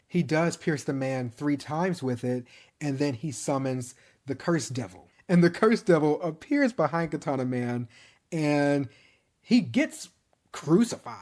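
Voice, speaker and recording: A man walks through an anime season in a relaxed, conversational recap. He tells it like a story and breaks into chuckles along the way. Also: a little high. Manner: animated storytelling, chuckles often, mimics characters' lines. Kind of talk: casual anime series recap.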